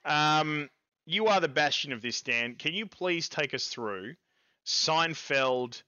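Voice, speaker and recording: A man in his thirties with an Australian accent, co-hosting a casual streamed gaming podcast in a rambling, excitable way. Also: a little high, slow, dry recording, muffled recording. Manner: rambling and excitable, with fillers and laughs. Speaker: podcast co-host.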